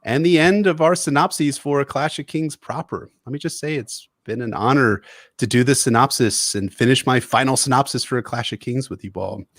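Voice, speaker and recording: A man's voice: mid-range voice, normal speed, no echo. A man in his young adult years, co-hosting a podcast and reading a chapter synopsis with earnest, emotional delivery. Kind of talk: book synopsis reading and chat.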